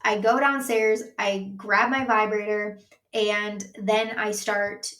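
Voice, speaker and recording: A woman's voice: mid-range voice, level tone, slow pace, a bit bright, distant mic. A woman sex coach hosts her own podcast and talks candidly in a loose, chatty way, full of likes and restarts. She speaks from a room at home, sitting a little back from the mic, so her voice carries a roomy echo. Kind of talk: casual solo podcast talk.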